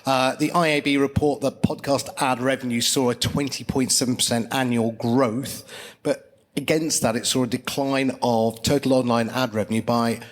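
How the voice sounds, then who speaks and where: A man co-hosts a live podcast. He asks short, brisk questions and reads out news items, with his voice at a middling pitch. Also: fairly even intonation. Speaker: podcast co-host.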